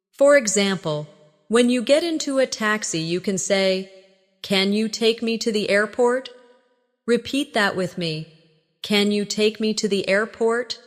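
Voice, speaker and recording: A woman with a medium-pitched voice leads a scripted lesson on everyday English phrases, giving slow, clear prompts for the listener to repeat. The sound has a big-room quality.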